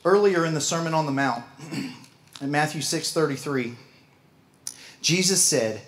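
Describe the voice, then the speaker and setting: A man with a Midwestern American accent preaching a sermon as pastor, folksy and quick to laugh at himself. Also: on the high side.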